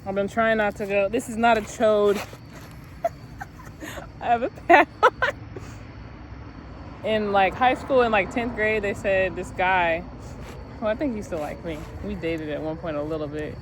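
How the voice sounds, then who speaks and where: A woman's voice: medium pitch, measured pace, a little hiss or hum. A young woman vlogging while sitting outdoors in a parking lot, musing aloud in a loose, profane, laughing way. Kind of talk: rambling casual vlog.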